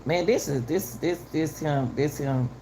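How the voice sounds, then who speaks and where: A woman's voice: low voice, unhurried, dark tone, slight background noise. A middle-aged woman giving heated, casual commentary to her viewers, repeating herself for emphasis. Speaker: channel host commenting on a news case.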